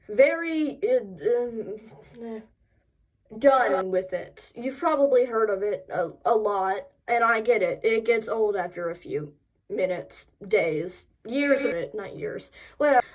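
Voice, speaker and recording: A woman's voice: on the high side, expressive, slow pace, dull audio. A woman hosting a casual reaction video, talking into a phone in a rambling, self-deprecating, sarcastic way. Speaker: host.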